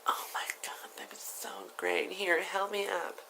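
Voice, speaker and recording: A man voicing a tipsy woman in her fifties in a raised, breathy, half-whispered voice. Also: high-pitched, level tone, a little slow, pushed and bright, pitched above the performer's own voice, full character voice, poor audio. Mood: weary.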